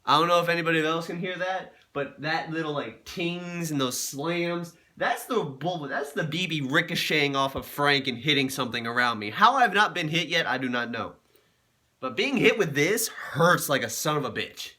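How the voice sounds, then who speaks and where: A man's voice: fairly high pitch, lively intonation, moderate pace, bright, forceful tone. A man vlogging in a casual, crude and joking way, cursing often. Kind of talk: casual vlog commentary.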